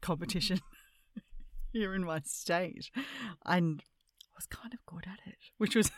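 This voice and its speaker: A woman's voice: fairly low pitch, slow pace, no room sound, clean studio sound. Chatty woman host. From Australia. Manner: chatty, laughs often, many restarts. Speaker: podcast host. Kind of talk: casual interview chat.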